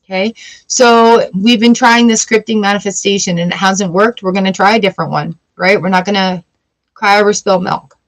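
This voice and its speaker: A woman's voice: medium pitch, steady tone, fairly quick. A woman giving a casual live-stream tarot reading, chatty and blunt and swearing freely. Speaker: tarot reader.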